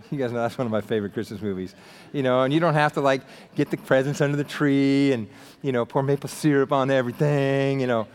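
A man preaching a casual, animated sermon, acting out voices of the people in the story with slang and jokes. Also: mid-range voice, big-room sound. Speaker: pastor.

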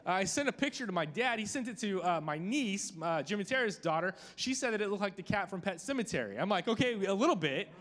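A man's voice: sits high, expressive, fast, few pauses, a bit bright. A man in his thirties preaching to a group, telling a personal story in a chatty, self-deprecating way with many fillers. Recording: long hall reverb.

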